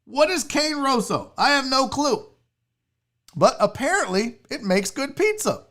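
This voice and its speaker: A woman's voice: high voice, very animated, a little slow, a bit bright. A woman hosting a casual livestream chat, blunt, profane and mocking as she reacts. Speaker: sports show host.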